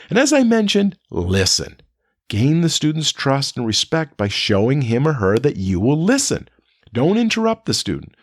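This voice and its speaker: A man speaking as an educator, giving a spoken lecture to teachers and raising his pitch when he acts out what he says to students. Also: dry recording, studio quality. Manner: animated, pitch jumps when quoting students.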